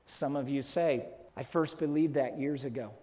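A male pastor preaching a sermon, rising to loud emphatic phrases and sinking to hushed, soft tones. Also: mid-range voice, moderate pace. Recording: long reverb of a large hall.

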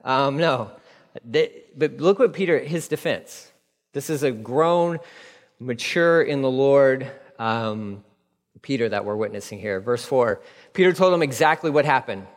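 A man preaching a sermon in a conversational, animated way, dropping into quick acted asides. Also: medium pitch, long reverb tail. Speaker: pastor.

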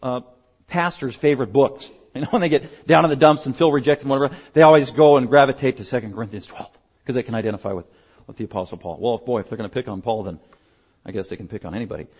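A male pastor preaches a sermon in a husky, medium-pitched voice, talking fast. He's emphatic, repeating key words to drive his points home, and the recording sounds dull and lo-fi.

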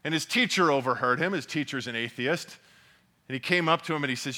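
A man's voice: medium pitch, quick pace, sharp tone. A man preaching a sermon as pastor, earnest and often repeating words as he builds a point.

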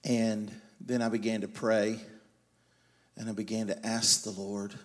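A man preaching a sermon, swinging between loud emphatic lines and quiet confiding storytelling. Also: on the low side, unhurried. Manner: animated, loud and emphatic, then quiet and confiding when telling his story. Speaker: guest preacher.

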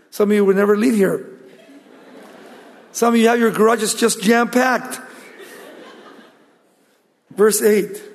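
Male pastor, sermon delivery, emphatic call-and-answer, high voice, long reverb. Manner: emphatic preaching, rhetorical questions answered aloud.

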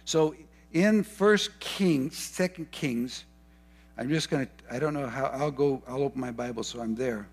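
A man's voice: mid-range voice, measured pace, husky. A man preaching a sermon, fervent and repeating key phrases for emphasis, with rambling asides and self-corrections. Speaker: pastor.

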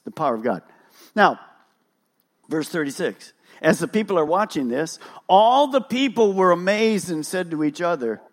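An animated male pastor preaching at a church service, with a high voice for a man that leaps up and down. He pushes his points with rhetorical questions and emphatic stress. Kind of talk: sermon.

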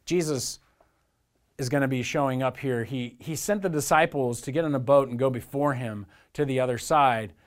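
A man's voice: medium pitch, normal speed. A man preaching a sermon as pastor, in an earnest, conversational way with lots of repetition.

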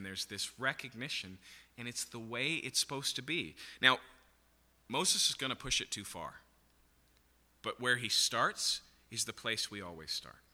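Male preacher, lowish and sharply bright voice, teaching style, keeps asking "right?", echoing church hall. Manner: animated Bible teaching, frequent "okay?" and "right?". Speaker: pastor. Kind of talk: sermon.

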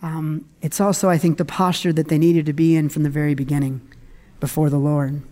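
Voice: flat delivery, a little fast, dark tone. A pastor preaching a conversational sermon, reading scripture and commenting with humor and frequent laughs. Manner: conversational and humorous, laughs often, dramatic swings in pitch.

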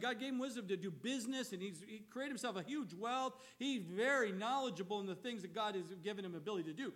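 High-voiced impassioned male preacher. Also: animated, fast, hardly any pauses. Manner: swings between loud emphatic bursts and quiet low asides; impassioned, dramatic storytelling. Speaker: pastor. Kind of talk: sermon.

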